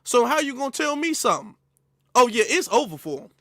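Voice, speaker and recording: A man hosting a reaction commentary, animated and mocking. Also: very high-pitched, fairly quick, no echo, clean studio sound. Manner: animated, mocking impressions of others. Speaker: commentary host.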